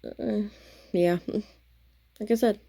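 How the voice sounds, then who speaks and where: A woman's voice: mid-range voice, fairly even intonation, slow pace, vocal fry, warm tone. A tired woman chatting casually to the camera late at night about her stitching, rambling and losing her words. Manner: rambling, self-interrupting, chatty. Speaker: craft vlogger.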